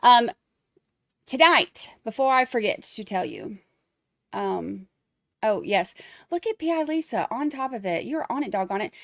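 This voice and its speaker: A woman's voice: on the high side, big pitch swings, unhurried, creaky, long pauses, no echo, studio quality. Chatty woman livestreaming. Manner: chatty, reads viewer messages aloud, many fillers. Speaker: livestream host. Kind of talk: casual livestream chat.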